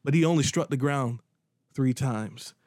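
A man's voice: mid-range voice, measured pace, darkish tone, dry recording, studio quality. A man preaching a sermon in an earnest way, often repeating and restarting words for emphasis.

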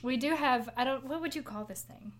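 High-pitched woman just chatting on a home podcast, laughs a lot, storytelling vibe. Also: fairly quick. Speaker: podcast co-host. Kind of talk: casual chat. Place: living room at home.

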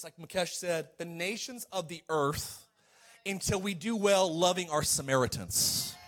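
Preaching to his congregation, this man swings from booming exhortations to hushed side remarks, calling for amens along the way. His voice sits high.

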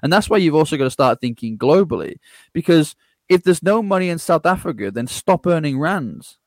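Animated man with a dry, close sound. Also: fairly high pitch, fairly quick, no echo. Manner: energetic, laughs often, acts out other people's replies. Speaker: podcast guest. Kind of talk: casual podcast conversation.

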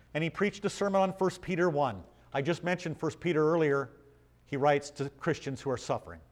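A man preaching a Bible study sermon, reading passages aloud and asking his listeners questions in a conversational way. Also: on the high side. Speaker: pastor.

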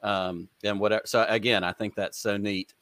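A man's voice: lowish voice, steady tone, moderate pace, fairly bright tone, no echo. A man hosting a podcast, chatting enthusiastically with a guest and telling rambling stories. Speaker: podcast host. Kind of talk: casual interview chat.

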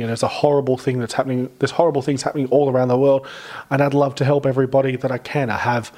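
A young Australian man hosting a podcast, chatting casually and rambling through animated stories. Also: mid-range voice. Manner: rambling storyteller, animated retellings. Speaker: podcast host. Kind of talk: casual chat.

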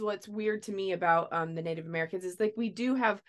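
A woman's voice: mid-range voice, quick pace. A woman hosting a podcast, chatting casually with short agreeing replies and hesitant asides. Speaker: podcast host.

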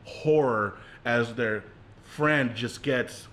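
A man co-hosting a podcast, recapping a movie in relaxed, slangy chat with casual swearing. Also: medium pitch, very slow, a little hiss or hum. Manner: laid-back, slangy, swearing. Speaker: podcast co-host.

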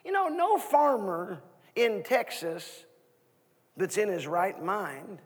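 A man in his thirties preaching a sermon as guest minister, asking the congregation questions in an animated way. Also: high-pitched, slow pace, breathy edge, big-room sound. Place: church sanctuary.

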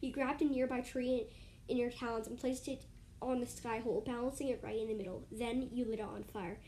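A woman's voice: a little high, fairly even intonation, brisk, warm tone, slight background noise. Woman casually reading a fan story. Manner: casual, restarts and corrects lines while reading.

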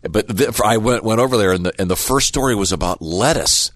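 A middle-aged man hosting a radio show, chatty and stumbling, quick to laugh. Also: lowish voice, a bit bright, no echo. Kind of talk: morning radio banter.

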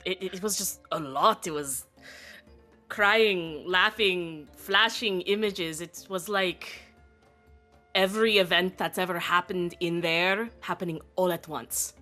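A woman playing a tabletop role-playing game, speaking hesitantly with restarts and quiet trailing phrases. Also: lowish voice, slow pace, soft background music. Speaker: player.

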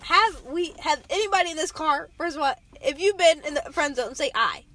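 A young woman hosting a casual chat from a car, talking loudly and bluntly in slang and laughing often. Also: high voice, a little fast, a little hiss or hum. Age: young adult. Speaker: podcast host.

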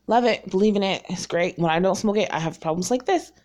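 A woman's voice: medium pitch, fast talker, darkish tone. Woman, around forty, from North Carolina, casual vlog chat, rambling, self-deprecating, frequent laughs. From North Carolina, raised in Virginia. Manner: rambling, chatty, laughs often. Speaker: vlogger.

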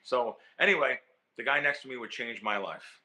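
Bright, excitable man telling stories. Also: medium pitch, normal speed. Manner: animated, repeats and restarts words, emotional. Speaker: guest, professional sports bettor. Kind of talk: casual storytelling interview.

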